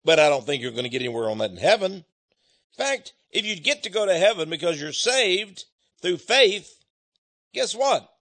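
A man's voice: high voice, very animated, moderate pace, a bit bright. A man from Texas delivering a preachy monologue as an author promoting his book, chuckling often and repeating words as he goes.

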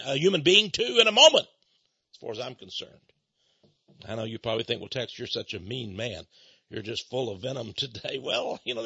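Male radio talk host, high bright husky voice, indignant rants, dull lo-fi sound. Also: no room sound. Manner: indignant ranting, swinging between hushed asides and loud outbursts. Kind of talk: opinionated radio commentary.

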